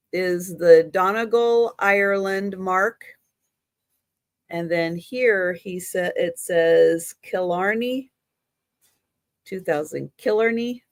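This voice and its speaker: Woman, live auction host, slow easygoing patter, dry close mic. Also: fairly low pitch, dry recording. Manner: chatty, laughs at her own slips. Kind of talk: live online auction selling.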